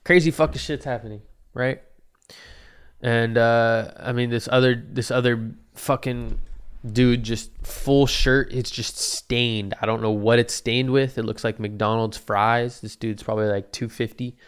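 A man's voice: mid-range voice, fairly even intonation, a little slow, clear, resonant tone. A young man telling a story in a rambling, profane and slangy way. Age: young adult. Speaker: vlogger. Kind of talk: casual storytelling.

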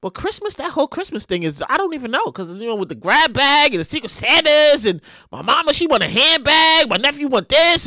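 A woman hosting her show and telling a comic story, animated and profane, repeating herself for effect. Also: sits high, no room sound, clean studio sound. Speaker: show host.

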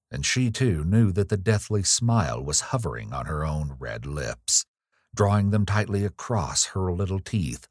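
A man narrating a gothic ghost story in a measured, grave reading. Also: low-pitched, no room sound, studio quality.

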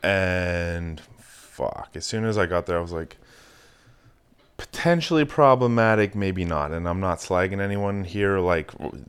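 A man hosting a casual chat, telling a long story in a swearing, animated way. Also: sits low, measured pace, clear, resonant tone. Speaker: podcast host.

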